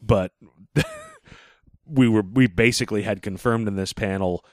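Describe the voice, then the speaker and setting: Speaking a little slowly in a lowish voice, this podcast co-host rambles wryly through casual chat, dropping the odd curse. He's recording in a living room with a mobile setup, yet the audio is studio quality with no room sound.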